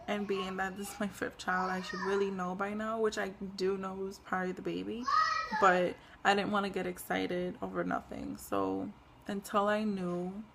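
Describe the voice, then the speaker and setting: A young woman talks through a casual home vlog at a middle pitch, her voice a little gravelly. She rambles with plenty of fillers and sounds short of breath, over a faint hiss of background noise. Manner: rambling, lots of "like" and "um". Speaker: pregnancy vlogger. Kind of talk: casual chat.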